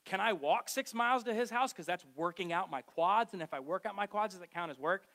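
A man's voice: high voice, a little fast, pushed and bright. A middle-aged man preaching a sermon to a congregation, telling a joking story about growing up and acting out the quotes. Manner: conversational, self-mocking storytelling with acted-out quotes. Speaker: pastor. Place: church hall with a live congregation.

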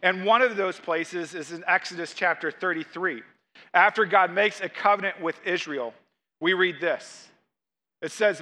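A man's voice: sits high, moderate pace, sharp tone. A man preaching a sermon, reading scripture aloud and explaining it with rising emphasis. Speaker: pastor.

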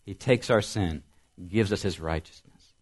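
A young man preaching a sermon as a pastor, earnest and storytelling, building emphasis and letting phrases trail off softly. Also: low voice, unhurried.

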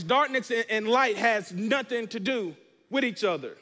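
A man's voice: high-pitched, a little fast, pushed and bright, in a large hall. A man preaching a sermon as pastor, reading scripture and calling on the congregation to respond. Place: church.

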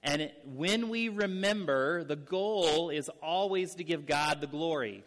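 Man, pastor, teaching sermon, earnest, fairly high voice, long church reverb. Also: fairly bright tone. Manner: earnest, explanatory, speeds up and slows down for emphasis. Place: church sanctuary with young people present.

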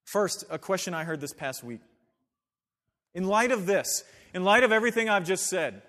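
A man's voice: high voice, lively intonation, normal speed, fairly bright tone, big-room sound. A man preaching a sermon to his church, emphatic with conversational asides. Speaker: pastor. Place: church sanctuary.

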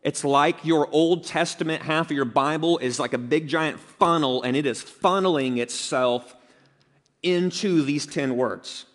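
A man's voice: a little high, a little slow. A man preaching an earnest, emphatic expository sermon as pastor. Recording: long reverb of a large hall.

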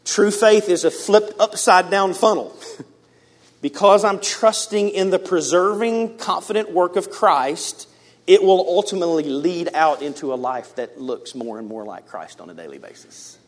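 Man preaching with dramatic swings. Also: measured pace. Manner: animated preaching, big swings in pitch and loudness; addresses the congregation casually as guys. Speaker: pastor. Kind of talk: sermon.

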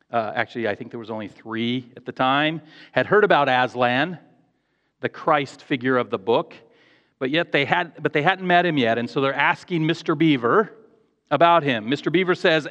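A man's voice: on the high side, a bit bright. A man preaching a sermon in an earnest, emphatic way, repeating phrases for stress. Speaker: pastor. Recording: echoey hall, dull lo-fi sound.

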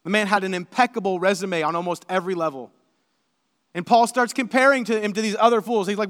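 Animated high-voiced preacher in a hall. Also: male voice, fast. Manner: animated, building to emphatic shouted lists. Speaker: pastor. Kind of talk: sermon.

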